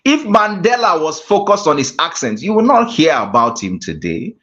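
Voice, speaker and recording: A man's voice: a little high, sing-song, moderate pace, sharp tone. A man, a guest mentor giving a motivational class talk with emphatic, repeated phrases. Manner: emphatic, preacher-like repetition. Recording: dull lo-fi call audio.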